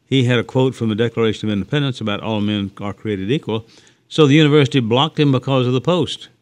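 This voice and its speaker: A male radio co-host in easygoing, rambling talk, full of fillers and restarts. His voice sits at a middle pitch for a man, plain and conversational. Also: fast. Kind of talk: casual talk radio chat.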